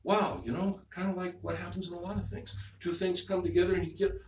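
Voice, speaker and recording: Relaxed man preaching in an echoey hall. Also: high-pitched, fast talker. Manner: conversational, repeats phrases, checks in with "okay?". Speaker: minister. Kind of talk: sermon. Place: church hall. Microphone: distant room mic. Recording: echoey hall, distant mic, faint noise.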